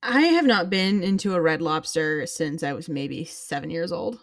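A woman in her twenties chatting casually as a podcast co-host, expressive and quick to laugh. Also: sits low, no echo, clean studio sound. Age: 20s. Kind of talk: casual chat.

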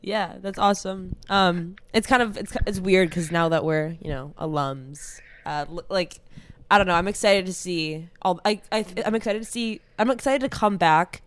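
Low-pitched chatty teenage girl host. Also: moderate pace. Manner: chatty, leans on "like" and "um". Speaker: student podcast host. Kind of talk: casual chat.

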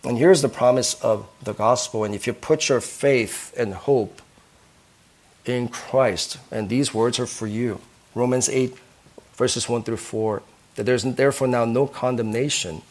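A man's voice: mid-range voice, measured pace. A man preaching a sermon as a pastor, earnest, who keeps asking his listeners questions and ending points with "right?".

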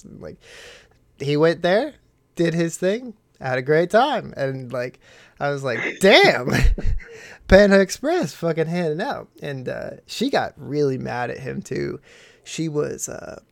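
A man's voice: medium pitch, vocal fry, no echo. A man in his twenties, a podcast host, telling crude stories in casual chat and acting out the quotes.

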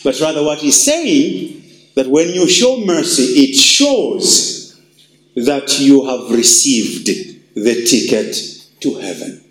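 A man preaching a sermon as pastor, emphatic and repetitive, with wide swings in pitch for emphasis. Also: expressive, slow. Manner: emphatic, repeats phrases, shifts pitch widely for emphasis. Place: church. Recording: echoey church hall.

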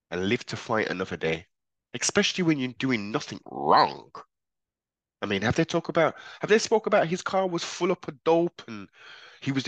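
A man's voice: on the high side, fairly bright tone, no room sound. A man giving casual reaction commentary, talking in an emphatic, slangy way and often repeating himself. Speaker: commentator reacting to police footage.

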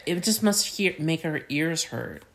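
A woman's voice: deep voice, animated, measured pace, gravelly. A woman co-hosting a podcast, chatting casually and bluntly, chiming in to finish her co-host's sentences. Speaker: podcast co-host. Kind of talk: casual chat.

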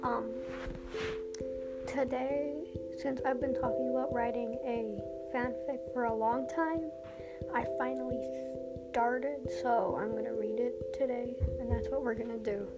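A woman's voice: on the high side, steady tone, measured pace, over loud music. A woman hosting her channel, reading her own fan fiction aloud in an unpolished way with slips and corrections. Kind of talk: casual reading aloud of a story.

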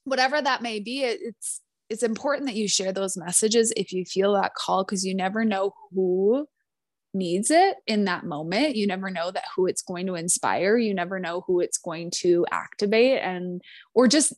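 A woman's voice: mid-range voice, moderate pace, no echo, studio quality. A woman hosting a podcast, upbeat and casual, talking to her listeners and her guest with frequent "like" and easy laughs. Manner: upbeat, says "like" often, laughs easily. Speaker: podcast host.

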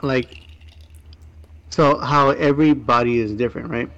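Slow, hesitant man with muffled sound. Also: medium pitch, fairly even intonation, fairly bright tone. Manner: hesitant, curious questioner with fillers. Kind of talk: casual group chat.

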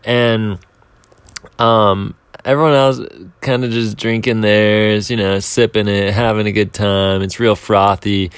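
A man's voice: on the low side, level tone, a little slow, clear, resonant tone, dry recording. A young man telling a casual, self-mocking story, rambling along with filler words and restarts. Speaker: speaker telling a timed anecdote.

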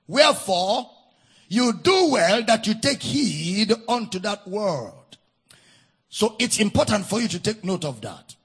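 A man preaching a sermon at a church service, repeating key phrases and swinging between shouted, sung emphasis and drawn-out words. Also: high-pitched, sing-song, breathy edge. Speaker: pastor.

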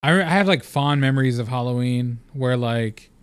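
A man's voice: medium pitch, moderate pace, smooth, no room sound. A young man hosting a solo podcast, talking in a loose, rambling, candid way with lots of fillers and casual swearing. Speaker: podcast host.

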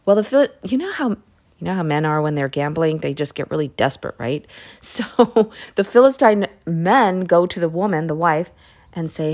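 Woman, low-pitched, relaxed devotional podcaster, conversational Bible retelling full of asides. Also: normal speed. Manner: chatty, with self-corrections and asides. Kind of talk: casual Bible story retelling.

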